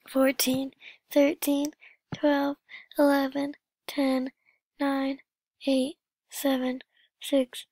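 A woman narrates her gameplay vlog in a casual, chatty way. Her voice sits fairly high and she talks at a slow, drawn-out pace. She often slips into a soft whisper. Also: little pitch movement, no echo. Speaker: gaming vlogger.

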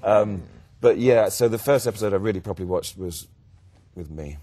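A man's voice: on the low side, normal speed, heavy background noise. An English man, an actor guest, chatting in a self-deprecating, joking way with hesitant restarts. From England. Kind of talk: casual interview chat.

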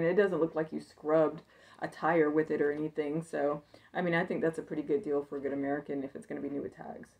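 A woman with a deep, gravelly, mellow voice chats casually in a haul video. She's a thrift reseller showing off clothes she plans to resell, upbeat and thinking aloud with plenty of fillers.

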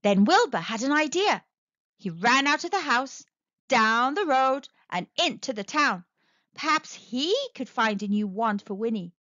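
A woman telling a children's story aloud, with a sing-song, expressive delivery, in a slightly muffled, dry recording. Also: fairly high pitch, measured pace, no room sound. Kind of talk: children's read-aloud narration.

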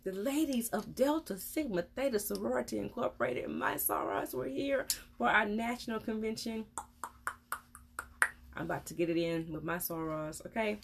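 A woman's voice: mid-range voice, expressive, normal speed, creaky, noisy background. A woman dentist, giving frank, chatty advice on a casual live stream.

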